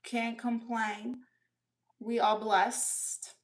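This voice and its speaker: This is a chatty bedroom comedy livestream where a woman plays a sassy, doting middle-aged aunt who greets viewers and reads chat messages with big swoops in her voice. Her pitch is fairly high and her tone level, and her delivery is extremely slow.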